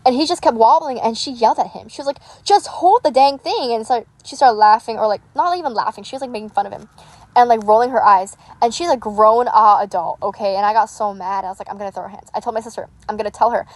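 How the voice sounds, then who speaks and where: This is a teenage gaming YouTuber, a girl with a fairly high voice, talking fast and rambling animatedly in casual chat as she plays. There's no room sound.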